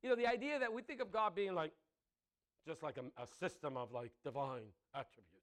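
A man preaching a sermon with passion, moving between loud emphatic lines and soft, intimate ones, laughing between points. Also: a little high, a little fast. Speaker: pastor.

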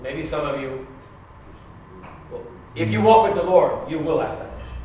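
A man preaching a conversational sermon, going from quiet to loud, asking the congregation questions and laughing often. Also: fairly high pitch, expressive, normal speed, slight background noise. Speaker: pastor. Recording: very echoey room, mic at a distance.

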